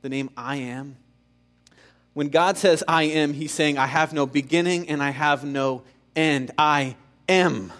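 Male pastor, sermon delivery, slightly high pitch, rises to emphatic passages then drops quiet. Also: fairly even intonation, a little slow. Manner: repeats key phrases for emphasis.

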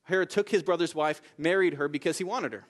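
A man's voice: fairly high pitch, fast talker. A man preaching a sermon in a conversational way, with frequent asides like "right?" and "okay?", acting out the quoted lines. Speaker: pastor.

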